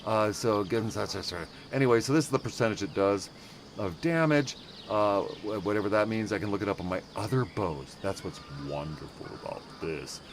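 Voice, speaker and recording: A man's voice: fairly low pitch, lively intonation, normal speed, a little hiss or hum. A man hosting a casual game livestream, rambling and self-interrupting with many fillers while playfully mangling German words. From United States. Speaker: livestream host.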